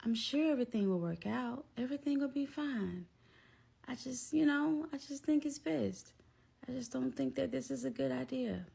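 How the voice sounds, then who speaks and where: A woman voicing a calm therapist with a mellow, neutral tone, spoken softly. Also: sits high, moderate pace, gravelly, breathy edge, pitched above the performer's own voice, full character voice. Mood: detached.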